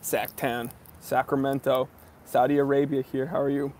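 A man's voice: mid-range voice, steady tone, normal speed, a little mellow, a little hiss or hum. A man from New England hosting a live stream outdoors outside a library, greeting viewers by name in an upbeat, casual way.

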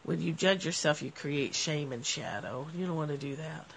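A woman hosting a live stream, talking through spiritual ideas with viewers in a relaxed, reflective way. Her voice is nasal and she laughs often. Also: low voice, normal speed, gravelly, a little hiss or hum.

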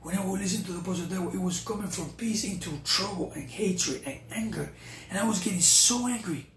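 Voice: medium pitch, a little fast, a bit bright, a little hiss or hum. A preacher telling a personal testimony to viewers, often calling them "you guys.". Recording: roomy echo.

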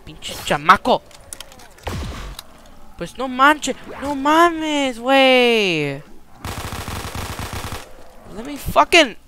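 Excitable, foul-mouthed gamer guy. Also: very high voice, very slow, long pauses, slight background noise. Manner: profane, excitable, mixes in Spanish slang. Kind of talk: gameplay commentary. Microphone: cheap headset mic.

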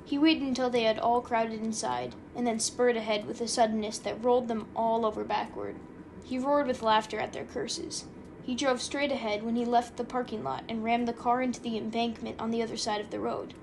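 A woman's voice: on the high side, fairly even intonation, fairly quick, gravelly, background noise. Woman narrating an audiobook.

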